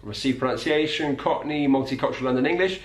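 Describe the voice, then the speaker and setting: Male accent coach, patient and clear, mid-pitched, roomy recording. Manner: clear, patient, demonstrates sounds slowly. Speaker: accent teacher. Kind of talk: explanatory video lesson. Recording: echoey room.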